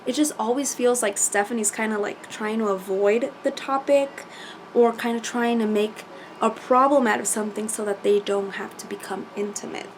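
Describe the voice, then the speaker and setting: A woman chatting casually as she recaps a reality show, animated and full of fillers and quoted asides. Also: fairly high pitch, normal speed, slight background noise.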